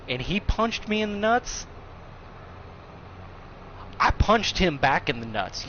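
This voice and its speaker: Man, 30s, unhurried crude storyteller, slightly muffled recording. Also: medium pitch, slight background noise. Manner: slow, animated, crude and joking. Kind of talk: casual storytelling.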